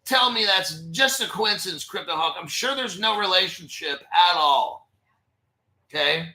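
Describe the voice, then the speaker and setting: A man's voice: sits high, lively intonation, a little slow, sharp tone. A man hosting a crypto channel, rambling in a profane, conspiratorial way and talking back to himself while sharing his screen. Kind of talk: rambling screen-share commentary. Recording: echoey room.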